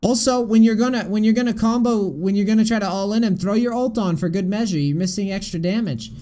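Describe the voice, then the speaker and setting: A man's voice: sits high, quick pace, dark tone. A young man coaching a player over a live stream, blunt and exasperated, swearing often. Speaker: game coach.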